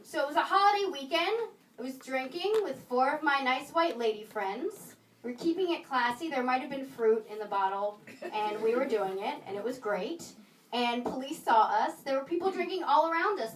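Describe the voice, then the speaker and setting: A woman performing a stand-up comedy set, with wry, sarcastic asides and pauses before punchlines. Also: high voice, lively intonation, a little hiss or hum. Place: small comedy venue in a video store, live audience. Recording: roomy live room, mic a bit distant, audience laughter.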